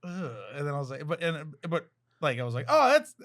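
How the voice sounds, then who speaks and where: A man's voice: on the high side, fast, slight background noise. A man, a guest comedian, telling profane anecdotes in casual chat with laughing asides.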